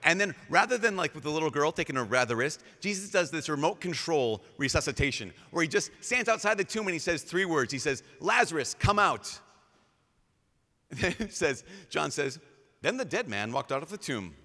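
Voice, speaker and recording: A man, a priest, giving a lively storytelling talk with casual fillers, acting out quotes in changing voices. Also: fairly high pitch, normal speed. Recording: live talk with long hall reverb.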